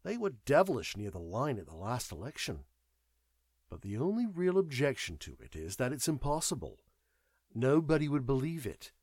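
A man voicing a detached, knowing man who speaks in a measured, wry way. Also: medium pitch, big pitch swings, a little mellow, no echo, clean studio sound. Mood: wry, weary. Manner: measured, wry, world-weary.

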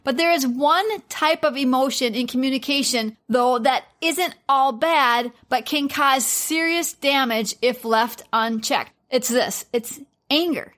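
Woman, high-pitched, open and easy-laughing co-host of a faith marriage podcast. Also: measured pace. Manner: warm, open, laughs easily.

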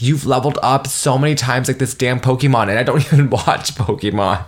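A young man in his twenties hosting his own podcast, gushing with feeling and swearing freely as he talks straight to his listeners. His voice sits at an ordinary middle pitch but jumps up whenever he gets excited. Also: a little fast. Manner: emotional, effusive, swears freely; animated, jumps higher when excited. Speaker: podcast host. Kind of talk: solo motivational podcast monologue.

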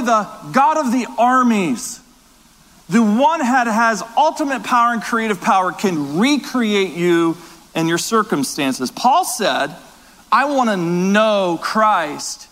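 A man with a high voice preaches emphatically to his church. He hammers points home with repetition and quick restarts. His voice rings with the long reverb of a large hall. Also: very animated, fairly bright tone. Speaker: pastor. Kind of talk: sermon.

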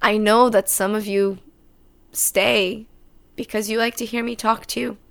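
A woman with a mid-pitched voice talks alone into her podcast mic, unscripted and confessional. She rambles, stops to correct herself, and swears casually as she thinks aloud. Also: level tone, unhurried, vocal fry, a bit bright. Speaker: podcast host. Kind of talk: unscripted solo podcast monologue.

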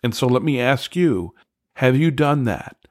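Slow, earnest male Bible teacher. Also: medium pitch, animated, dry recording, clean studio sound. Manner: earnest, emphatic on key words, asks listeners directly.

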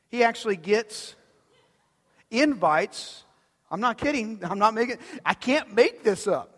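A male pastor preaching a sermon in a conversational way, often asking the audience if they are following, swinging between loud emphatic lines and soft low ones. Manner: conversational, asks the audience questions. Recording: long hall reverb.

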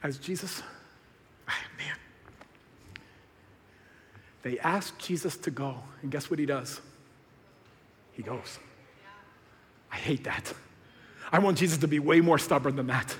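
A man preaching a sermon as pastor, swinging between hushed lines and loud, excited bursts. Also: on the high side, takes it slowly, pauses often. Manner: animated, swinging from hushed to shouted. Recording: long hall reverb.

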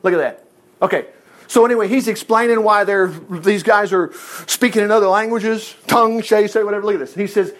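A man preaching a sermon in an animated, emphatic way, with joking asides and chuckles. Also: sits high, fairly quick.

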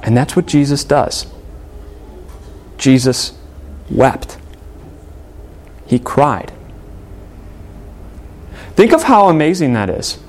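A man's voice: medium pitch, big pitch swings, slow pace, pauses often, darkish tone. Earnest male pastor preaching a sermon. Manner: earnest preaching, reads scripture aloud, rhetorical questions.

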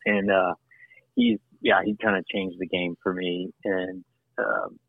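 A man's voice: deep voice, measured pace, creaky, dry recording. Guy talking about acting and producing, dry close sound, phone-line audio, lots of laughs and restarts. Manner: animated, laughs often, many restarts. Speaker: actor and producer, interview guest. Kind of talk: casual interview conversation.

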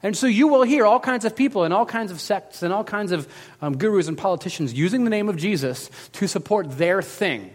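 A man preaching a sermon in a casual, animated storytelling manner, acting out quotes as he goes. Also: high voice, a little fast, hardly any pauses, big-room sound. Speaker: pastor.

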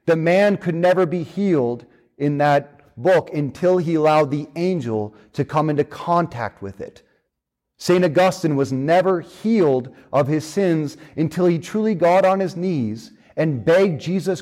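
A man's voice: fairly high pitch, expressive, unhurried, a little mellow. A man preaching a sermon in a conversational way, with casual fillers and restarts.

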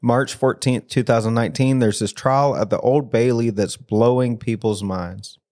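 A man hosts a podcast from a small studio, with a voice that sits at a medium pitch. He tells the story loosely and jokingly, often breaking into laughter. His voice is picked up on a studio mic. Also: steady tone, moderate pace, darkish tone. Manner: laughs often, jokey, with a lot of fillers. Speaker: podcast host. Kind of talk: casual storytelling chat.

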